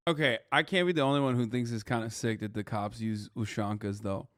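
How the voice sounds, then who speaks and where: A man in his thirties streaming live reaction commentary, ranting and swearing, jumping between loud outbursts and low mutters. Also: fairly even intonation, a little fast, over a noisy crowd. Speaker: streamer reacting to a news video.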